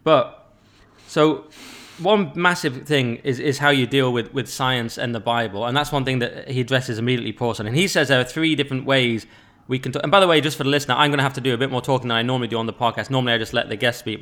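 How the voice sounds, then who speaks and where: A man's voice: mid-range voice, fairly bright tone. A man hosting a podcast, explaining at length and setting out the structure of the discussion in casual conversation. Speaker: podcast host.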